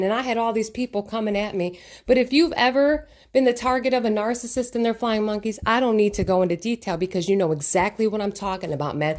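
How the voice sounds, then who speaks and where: A young adult woman vlogger telling a personal story in a casual, emotional and emphatic way. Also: mid-range voice. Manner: emotional, emphatic, animated retelling.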